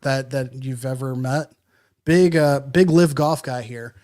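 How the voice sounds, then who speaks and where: A man's voice: medium pitch, measured pace, darkish tone. Rambling jokey man talking sports. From Madison, Wisconsin. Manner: rambling, jokey, many fillers. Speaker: podcast co-host. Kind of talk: casual sports chat.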